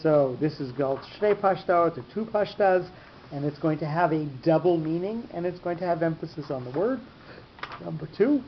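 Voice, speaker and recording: In a lo-fi recording that sounds dull and has a faint rumble underneath, a man leads a lesson on cantillation marks. He's patient in his explanations, frequently puts things another way, and says "um" to fill pauses.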